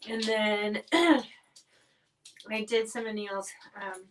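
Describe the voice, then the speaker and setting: A woman chats casually through a home livestream, her talk broken by frequent throat-clearing and coughs from spicy food. She sits a little back from the microphone, so her voice sounds slightly distant. Her pitch stays middling for a woman. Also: flat delivery, takes it slowly. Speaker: livestream host reviewing spicy snacks.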